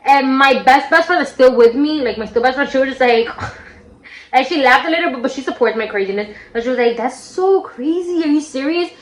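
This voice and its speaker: Over a roomy echo, a young woman with a high, slightly fast voice does a makeup tutorial. As a makeup vlogger, she tells a childhood story in a relaxed, slangy way and shrieks when quoting her friends.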